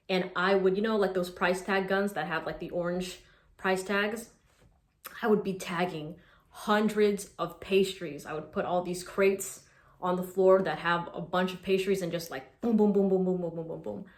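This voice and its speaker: A woman in her twenties telling stories in a casual vlog, chatty and animated, with lots of "like.". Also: fairly low pitch, moderate pace, roomy sound. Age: 20s. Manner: chatty, animated retelling with filler "like". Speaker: social media creator.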